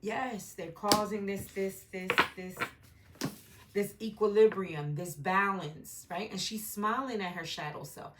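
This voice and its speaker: A woman's voice: mid-range voice, fairly even intonation, unhurried, slight background noise. A woman giving a meandering intuitive tarot reading from home, often adding "right?" as she talks. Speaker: tarot reader. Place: home with a dog nearby.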